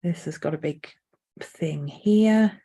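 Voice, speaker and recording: A woman artist thinking aloud as she sketches, unhurried, now and then cooing to her dog. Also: sits low, mellow, slightly rough. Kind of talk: casual art vlog narration. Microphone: desk mic.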